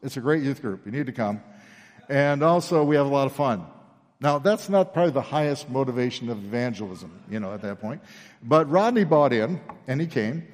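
A pastor with a mid-range voice preaches briskly in a church sanctuary, telling stories from his past. He's an animated storyteller who acts out the people he quotes, and the large hall adds long reverb.

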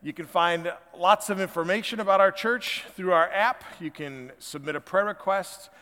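Pastor, fifties, American accent; pitched high, casual folksy sermon delivery, hall reverb. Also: male voice, moderate pace, bright, forceful tone. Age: 50s. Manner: conversational, chatty and folksy. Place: church sanctuary.

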